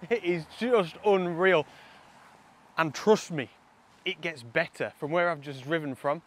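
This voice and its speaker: A young man who vlogs about landscape photography talks casually to the camera outdoors by a lake, enthusiastic and laughing often. His voice sits on the high side and his pace is unhurried.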